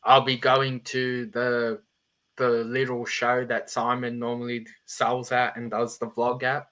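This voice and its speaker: Slow, flat-voiced man from Australia. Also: medium pitch, poor audio. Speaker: show host. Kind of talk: casual live-stream chat.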